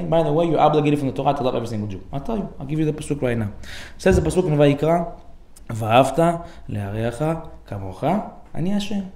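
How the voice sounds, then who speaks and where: A man giving a sermon as a rabbi, animated, acting out the voices in his stories. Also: fairly high pitch, creaky, reverberant. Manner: animated storytelling, acts out dialogue.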